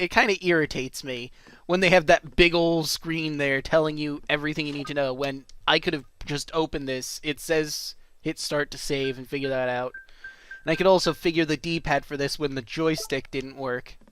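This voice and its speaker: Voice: mid-range voice, fairly even intonation, moderate pace, fairly bright tone, clean tone. A let's play host giving casual, jokey commentary over a game, often correcting themselves mid-sentence. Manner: chatty, jokey, self-correcting asides.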